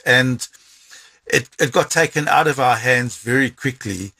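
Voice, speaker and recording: Husky South African man telling a story. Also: medium pitch, unhurried, dry recording. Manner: animated storyteller, repeats words when excited. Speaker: interviewee. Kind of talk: storytelling in an interview.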